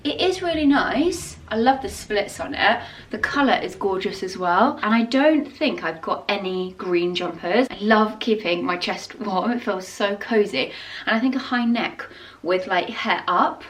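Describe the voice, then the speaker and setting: A woman's voice: medium pitch, lively intonation, measured pace. A young woman, chatting enthusiastically in a casual home vlog about decor and clothes. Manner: gushing, enthusiastic product chat. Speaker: lifestyle vlogger.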